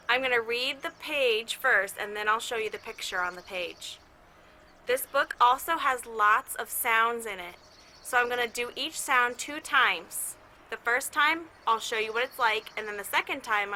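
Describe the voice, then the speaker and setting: A woman teacher reads a picture book aloud to children while sitting outdoors with her dog. She stays cheerful and imitates each sound in the story, in a very bright, slightly high voice. Faint outdoor noise hums in the background. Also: rough recording. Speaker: music teacher reading to children.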